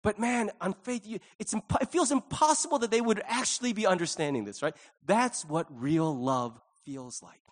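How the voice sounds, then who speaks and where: High-voiced earnest male pastor preaching. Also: animated, moderate pace, few pauses. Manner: earnest, swings from hushed to loud. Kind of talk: sermon.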